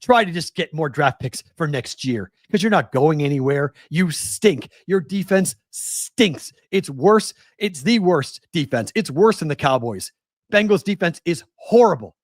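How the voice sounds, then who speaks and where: A West Coast sports betting show host in his forties rants with exasperated rhetorical questions. His voice is high, and the recording is clean studio sound with no room sound.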